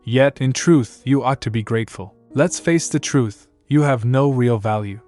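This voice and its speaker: A man's voice: mid-range voice, moderate pace, warm tone, lightly acted. A man voicing a cruel, contemptuous noble husband who belittles his wife, over faint music. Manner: scornful, belittling.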